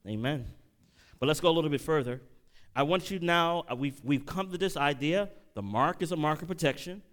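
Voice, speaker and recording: A middle-aged man delivering a sermon in a lively, animated way. His voice rises and falls widely as he tells stories and keeps asking the congregation whether they are following along. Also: fairly high pitch, brisk. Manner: animated preaching, audience call-outs, emotional storytelling. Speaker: pastor.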